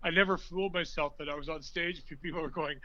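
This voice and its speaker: A man, an actor, telling stories in an interview, animated, breaking now and then into loud put-on voices. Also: a little high, fast, highs cut off. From from an Irish blue-collar family. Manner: animated storyteller, bursts into loud character voices. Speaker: actor guest. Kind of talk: conversational interview storytelling.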